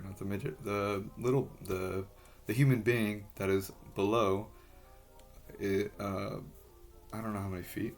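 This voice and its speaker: A man in a rambling personal monologue, halting and frustrated, swearing heavily as he talks. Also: deep voice, gravelly.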